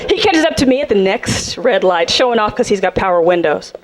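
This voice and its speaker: A woman from South Central Los Angeles works a live stand-up crowd in a high, bright voice. She is sassy and animated and slips into little character voices. Loud audience laughter rolls under her lines. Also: fast, few pauses. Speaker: stand-up comedian. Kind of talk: stand-up comedy set.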